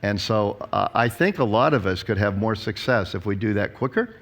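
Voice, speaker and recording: A man's voice: lowish voice, normal speed. A man in his sixties, a pastor giving a conference talk, who tells stories and acts out the quotes. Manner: storytelling, animated, acts out quotes.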